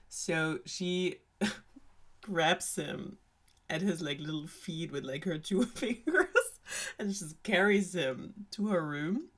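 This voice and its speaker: A woman's voice: lowish voice, lively intonation, slow. A young woman from Germany, casually retelling a fairy tale with sarcasm, swearing and frequent laughs. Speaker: storyteller host.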